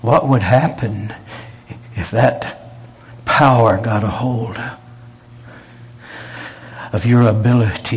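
A man's voice: lowish voice, slow pace, long pauses, husky. A male preacher delivering a folksy sermon, telling stories in a conversational way and pressing his points home. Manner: folksy, conversational, rising to emphatic. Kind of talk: sermon with storytelling.

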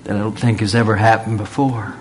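A man's voice: on the low side, flat delivery, a little fast, soft background music. A man preaching a sermon in an earnest way, repeating phrases for emphasis and dropping in humorous asides.

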